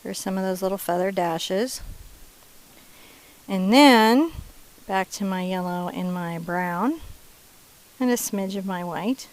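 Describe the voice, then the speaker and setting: A woman teaching a painting lesson step by step in a chatty, playful way, dropping into soft asides. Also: mid-range voice, slow, long pauses, poor audio. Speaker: painting instructor.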